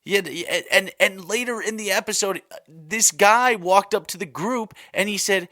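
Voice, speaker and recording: A fired-up young man hosting a solo podcast, rambling and exasperated. His voice is bright and forceful and sits a little high. The sound is dry and close. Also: normal speed, hardly any pauses, no echo. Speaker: podcast host.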